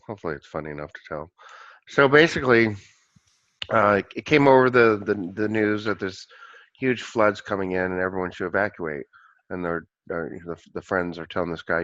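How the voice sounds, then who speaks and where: A man chatting casually and telling a long joke, stumbling through restarts and putting on quick voices for the people in it. The sound is slightly dull and muffled, with no room echo at all. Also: on the low side, fairly even intonation, a bit bright. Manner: rambling, many restarts, acts out quoted voices.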